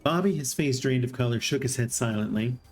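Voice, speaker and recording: A streamer reading a text adventure aloud in an even voice, with amused asides now and then. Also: mid-range voice, fairly quick, soft background music. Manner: reads narration evenly and breaks in with surprised laughing asides.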